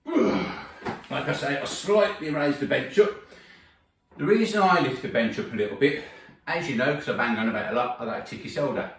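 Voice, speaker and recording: A man talks through his training in a blunt, opinionated way, swearing freely as he makes his points. His voice sits at an ordinary middle pitch. It bounces around a roomy gym and comes from some distance from the microphone. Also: animated, a little fast, slight background noise. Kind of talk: casual workout vlog talk.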